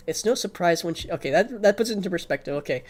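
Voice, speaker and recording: A man's voice: high voice, expressive, fast. A man streaming a game, reading it aloud and chatting casually, sleepy and yawning, swearing often. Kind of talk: game stream chat and narration.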